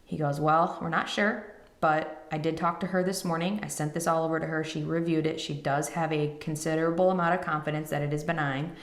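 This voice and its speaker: Low-voiced woman telling a personal story. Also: fairly even intonation, fairly quick, roomy sound. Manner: emotional, quotes others in retelling. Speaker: podcast host.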